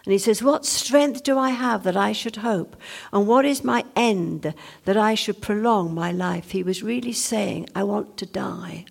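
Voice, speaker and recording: Woman preacher, earnest sermon delivery, fry-heavy gravelly tone, mid pitch. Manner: earnest, reads scripture aloud with slowed emphasis.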